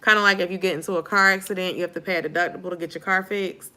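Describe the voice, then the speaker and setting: A young YouTube vlogger chats casually with viewers on a late live stream, sleepy, yawning and informal, calling them y'all. Her voice is lowish, bright and forceful, with fairly even intonation and a racing pace.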